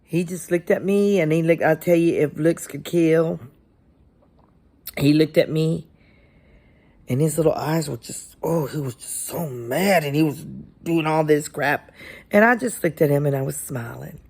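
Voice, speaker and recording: A woman's voice: low-pitched, a little slow, a little mellow, slightly rough. A woman, a substitute teacher, casually telling a story from her classroom and acting out what she and a child said.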